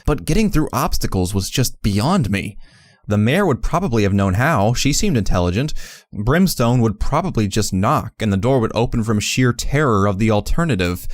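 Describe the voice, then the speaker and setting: A man narrating a fan fiction audiobook in the first person, measured and reflective. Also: medium pitch, no echo, studio quality.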